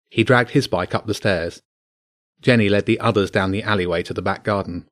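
A man reads a children's adventure tale aloud, steady and measured. His voice sits fairly low, and he never rushes. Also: no echo, clean studio sound. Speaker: narrator.

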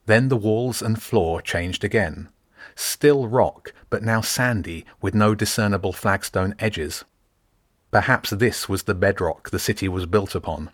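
A man narrating an audiobook in a measured, descriptive way. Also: lowish voice, a bit bright, dry recording, studio quality.

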